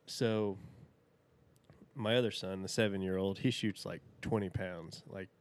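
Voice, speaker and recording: A man's voice: low voice, fairly even intonation, measured pace. A man in his thirties, a podcast guest telling a rambling, folksy story and laughing often. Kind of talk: casual storytelling.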